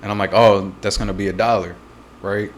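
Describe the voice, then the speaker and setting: A man's voice: fairly low pitch, steady tone, brisk. Laughing young man, faint hum behind. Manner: laughs often, swears freely. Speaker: podcast co-host. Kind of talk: casual chat.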